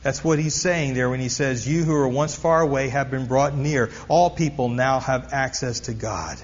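A man's voice: mid-range voice, normal speed. A man preaching a sermon, emphatic, repeating key phrases and asking the congregation questions. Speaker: pastor. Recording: long hall reverb, dull lo-fi sound.

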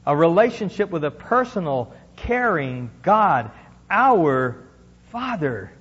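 A man preaches a sermon with a somewhat high, husky voice. He talks to his congregation conversationally and builds to emphatic peaks. The sound is dull and lo-fi, with a long reverb from the church. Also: sing-song, slow, fairly bright tone. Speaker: pastor.

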